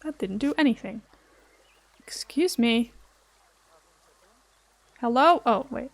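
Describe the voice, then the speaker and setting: High-voiced young woman streamer, playful. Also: lively intonation, takes it slowly. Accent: American. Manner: chatty, playful, easily flustered. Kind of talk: casual live-stream chat while gaming.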